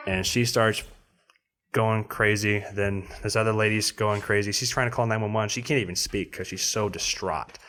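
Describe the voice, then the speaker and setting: A man on a podcast telling a story in casual chat, acting out other people with sudden high voices. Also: noisy background. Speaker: podcast co-host.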